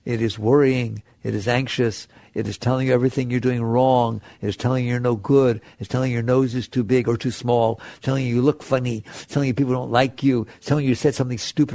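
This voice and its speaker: A man's voice: medium pitch, fairly even intonation, a little fast, warm tone, no echo. A man giving an earnest spiritual talk to an audience, an author and teacher who asks frequent rhetorical questions.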